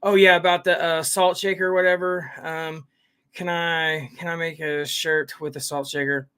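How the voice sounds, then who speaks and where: A man's voice: on the high side, little pitch movement, normal speed, bright, forceful tone, clear, resonant tone. A man hosting a live stream, chatting casually, greeting viewers by name and reading their comments in a rambling way. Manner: rambling, greets viewers by name, keeps saying "guys" and "fam". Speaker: livestream host.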